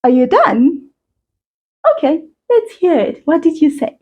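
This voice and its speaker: A woman teaching a children's language lesson, encouraging and sing-song, speaking slowly and clearly. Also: sits high, sing-song, dark tone. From South Africa.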